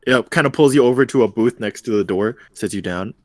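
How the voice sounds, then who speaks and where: A man's voice: mid-range voice, fast, few pauses, no room sound, studio quality. A man narrating as game master in a tabletop game, matter-of-fact.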